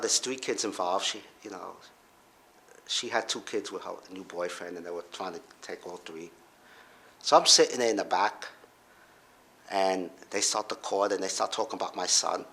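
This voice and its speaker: A middle-aged man casually telling a personal story, halting and restarting, then jumping up in pitch to act out other people's voices. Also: vocal fry. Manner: halting, with restarts and trailing off quietly.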